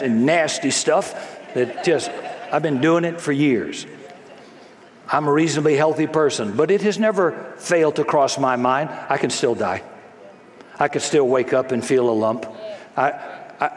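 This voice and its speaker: A man preaching in a voice pitched a little high, acting out the people he quotes with drama. His words ring through a hall with a long reverb. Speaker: pastor. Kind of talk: sermon.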